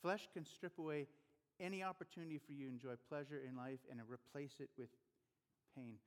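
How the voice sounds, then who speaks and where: A man's voice: on the high side, fairly even intonation, fairly quick, in a large hall. A man preaching a sermon as a pastor, in an earnest, conversational way with rhetorical questions.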